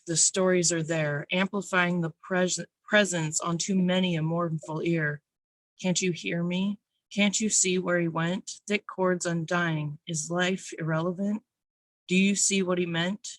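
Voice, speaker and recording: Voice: medium pitch, no room sound. Poet reading their own stuff, intense and a bit nervous, dry sound. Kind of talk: spoken word poetry reading. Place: online open mic.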